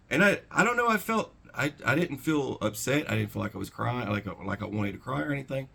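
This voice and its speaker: A middle-aged man hosting a preparedness channel, recounting a dream in a rambling, halting way with many restarts. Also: medium pitch, lively intonation, gravelly, sharp tone, husky. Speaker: prepper channel host. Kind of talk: casual storytelling to camera.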